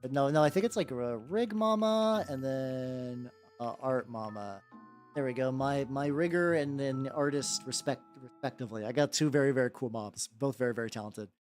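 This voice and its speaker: A man streaming while he paints miniatures, chatting casually with viewers in an animated, rambling way and repeating his greetings. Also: mid-range voice, normal speed. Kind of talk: casual livestream chat. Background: faint background music.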